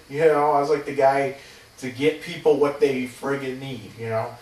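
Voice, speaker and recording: A man's voice: medium pitch, steady tone, moderate pace, a little mellow. A man in his thirties rambling through a personal story, hesitant and casually swearing. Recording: roomy, distant from the mic.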